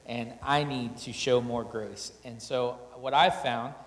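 A husband speaks slowly and steadily to an audience at a couples talk, candidly telling self-deprecating stories and acting out his and his wife's words. His voice is medium-pitched and fairly bright, heard through echoey hall reverb with a little hiss or hum.

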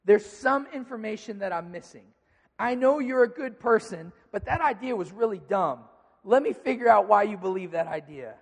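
Pastor preaching in a reverberant sanctuary; conversational, acts out exchanges, voice sits high. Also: male voice, animated, normal speed. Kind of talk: sermon.

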